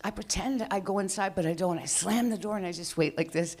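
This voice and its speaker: A woman's voice: medium pitch, a little fast, a little mellow. A woman telling a personal story live at an open mic, in a chatty, rambling way, acting out voices. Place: live venue stage.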